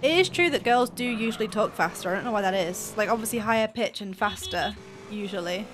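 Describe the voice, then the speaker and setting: A young woman from near Birmingham with a softened Brummie accent, chatting fast and mumbling as co-commentator over a speedrun. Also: mid-range voice, animated, music in the background. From English Midlands, near Birmingham. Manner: fast-talking, mumbles, laughs often. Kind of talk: casual chat over gameplay.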